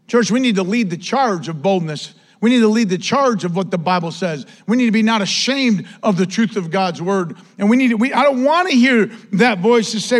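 A man preaching from the pulpit in a notably high voice. He hammers repeated lines at the church and sometimes sinks into a quiet, hushed tone to make his point. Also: animated, a little fast, hardly any pauses. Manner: emphatic, repetitive preaching, drops to a soft hush. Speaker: pastor. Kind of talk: sermon.

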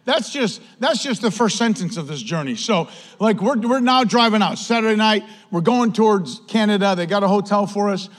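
A man with a Western New York accent preaches in a storytelling sermon. His voice sits high for a man. He talks in a casual, animated way and keeps dropping "man" into his sentences as he tells the story. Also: moderate pace. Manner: animated, conversational, says "man" often. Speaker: pastor.

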